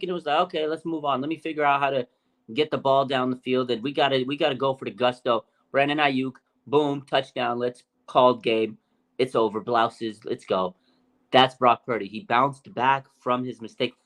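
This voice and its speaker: On a low-quality recording, a man hosts a fan show with an energetic, emphatic sports talk monologue. He repeats phrases and swings between quiet remarks and loud outbursts.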